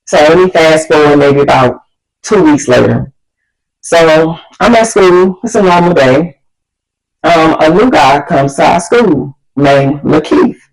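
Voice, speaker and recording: A woman vlogger telling a story casually, animated and slangy, acting out the people she quotes. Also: low-pitched, a little slow, rough recording.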